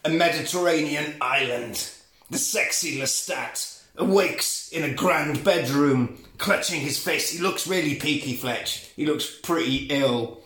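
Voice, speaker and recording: Guy recapping a movie, lively and sweary, bit high, roomy echo. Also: a little slow. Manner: animated storytelling, swears, acts out characters. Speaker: podcast host. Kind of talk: comic film recap.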